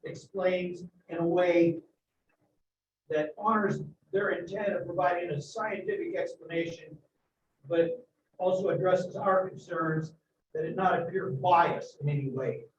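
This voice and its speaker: Committee member, male, measured and explanatory, higher voice, room noise and a distant, muffled mic. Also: reverberant. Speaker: committee member answering a question. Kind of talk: meeting explanation. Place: meeting room.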